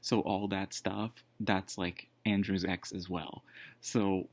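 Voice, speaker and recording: A man's voice: low-pitched, flat delivery, slow pace, no echo. A man casually telling a personal story, rambling with lots of fillers and restarts. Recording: dull lo-fi dry sound.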